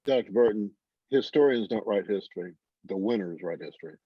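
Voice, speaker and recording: A man's voice: lowish voice, a little fast, husky, no echo. A man moderating a class discussion on a video call, asking questions in a folksy, wry way. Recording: dry, dull video call audio.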